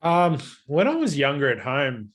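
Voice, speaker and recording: A man's voice: on the high side, huge pitch swings, a little slow. A man, co-hosting a podcast in casual chat, telling stories and acting out the lines of the people in them. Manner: storytelling with acted-out quotes. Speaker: podcast co-host.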